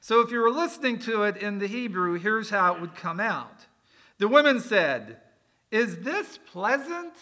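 A man's voice: high-pitched, lively intonation, normal speed, pushed and bright. A man preaching a sermon, explaining words in a conversational way with folksy asides. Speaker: pastor.

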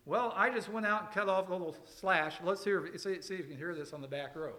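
A man preaching an expository sermon to a church congregation, conversational and folksy, with emphatic slow pauses. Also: sits high, heavy background noise. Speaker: pastor.

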